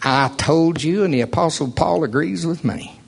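Brief: man doing a nasal, smug preacher character, pitched up high, insistent and lecturing. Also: moderate pace, creaky, breathy edge. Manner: lecturing, needling.

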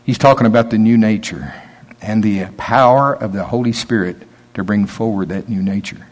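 An older pastor preaches a sermon at a normal speed, telling folksy stories. He drops into quiet asides, then builds to loud, emphatic preaching.

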